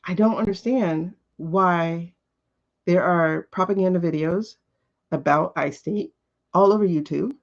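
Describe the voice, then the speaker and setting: In dull, lo-fi livestream audio, a woman with a fairly low voice speaks unhurriedly as she hosts a live tarot show. Her talk is casual, blunt and opinionated, with repeated profane rhetorical questions.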